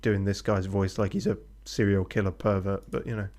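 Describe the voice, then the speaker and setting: Low-voiced man casually commentating a game. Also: fairly even intonation, fairly quick, darkish tone. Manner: offhand, swears casually, mutters asides. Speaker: streamer playing a game.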